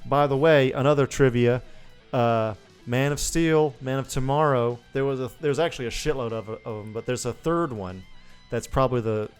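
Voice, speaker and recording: A man's voice: medium pitch, moderate pace, clear, resonant tone, faint music behind. A man co-hosting a podcast in loose casual chat, swearing freely and often laughing. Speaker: podcast co-host.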